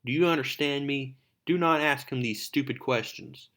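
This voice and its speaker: A man's voice: medium pitch, moderate pace, a bit bright, voice pushed up, lightly acted. Guy voicing a fierce old auntie, scolding and protective, a bit raised.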